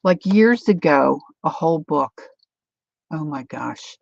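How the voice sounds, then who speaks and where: A woman's voice: sits low, animated, slow pace, creaky, a little mellow, no room sound, muffled recording. A woman hosting a craft livestream, rambling chattily through a demo and answering viewer comments.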